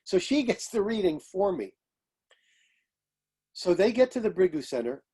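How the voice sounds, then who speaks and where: An older man, an astrologer and author, telling lively stories in an interview and acting out the voices of people he quotes. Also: high-pitched, unhurried, slightly rough. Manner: animated anecdotes, acting out quoted voices, laughing. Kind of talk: storytelling interview.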